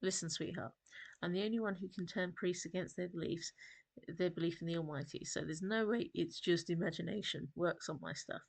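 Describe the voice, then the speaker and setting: A woman voicing a smug, boastful male demon dealmaker in a storybook reading, with a gruff, deliberate delivery. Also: fairly low pitch, dry recording. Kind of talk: storybook narration.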